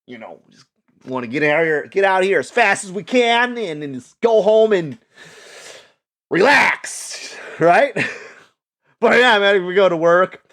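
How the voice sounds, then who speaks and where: A man's voice: high-pitched, lively intonation, a little slow, fairly bright tone. A man vlogging in a rambling, casual monologue, repeating himself and slipping into mock voices. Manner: restless, repeats words, slips into mock voices. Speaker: YouTube vlogger.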